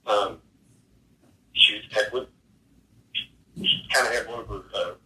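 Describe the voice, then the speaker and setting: A man describes events in his home, stumbling through fillers and half-finished sentences. His voice is tense and sharp yet sits low. He sounds far from the mic, in a roomy, echoing space. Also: takes it slowly, slight background noise. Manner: hesitant, rambling with many fillers. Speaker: homeowner describing a haunting.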